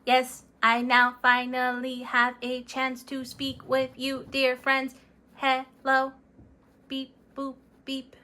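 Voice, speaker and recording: A woman voicing an earnest, polite robot puppet who reads tarot messages in a measured way, sprinkled with beeping noises. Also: high-pitched, monotone, pushed and bright, pitched above the performer's own voice, full character voice. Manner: slow, measured delivery broken up by "beep boop" noises.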